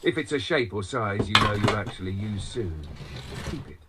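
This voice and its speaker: A synthetic man's voice, a little low in pitch, offering advice in a relaxed, conversational way. Loud noise runs under him throughout. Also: moderate pace. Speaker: AI voice assistant. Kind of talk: synthetic assistant speech.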